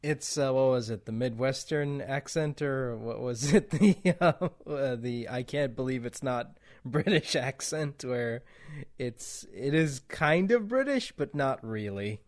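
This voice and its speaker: A man's voice: medium pitch, lively intonation, slow pace. A man hosting a podcast in casual chat, rambling with restarts and laughs between points. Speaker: podcast host.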